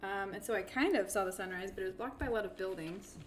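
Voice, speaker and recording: A woman's voice: mid-range voice, fast, very noisy. A young woman co-hosting a podcast in casual chat, chatty and giggly, with frequent fillers. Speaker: podcast co-host.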